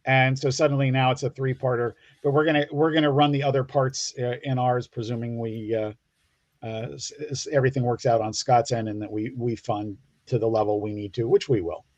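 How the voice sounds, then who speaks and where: A man talking about the comic he wrote, speaking in a middle-pitched voice over a video call. He rambles, restarts phrases and leans on fillers. The sound is dry and close, with no room in it. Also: flat delivery, brisk, darkish tone, dry recording, highs cut off. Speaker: comic book writer and guest. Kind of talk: casual chat on a livestream.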